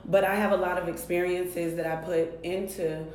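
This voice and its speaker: A woman's voice: on the low side, flat delivery, normal speed, a little mellow, a little hiss or hum. A woman relationship coach chatting animatedly on a podcast, with playful banter. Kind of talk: casual podcast chat. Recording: echoey room.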